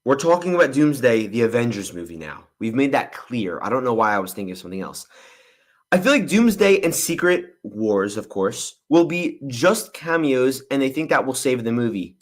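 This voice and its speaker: At a normal speed and medium pitch, a very animated young man runs a movie livestream Q&A. He responds to viewer questions candidly and at length, often saying "honestly" or "I'm gonna be real."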